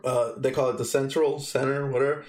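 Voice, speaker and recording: A man's voice: mid-range voice, brisk. A young man from Guatemala, a podcast guest, telling a story casually with lots of swearing and acted-out quotes. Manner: animated storytelling, heavy swearing, acts out quotes.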